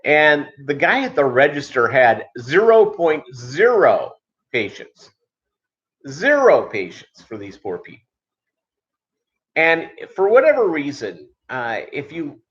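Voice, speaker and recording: A man's voice: mid-range voice, fairly bright tone. Rambling man in casual live-stream chat. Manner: rambling, halting, many fillers and restarts. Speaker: channel host. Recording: dull lo-fi audio.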